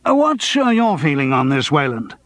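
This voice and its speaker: A man voicing a nervous middle-aged TV producer who hesitates and tries to smooth things over. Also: fairly high pitch, sing-song, normal speed, a bit bright. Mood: placating. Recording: dry close studio.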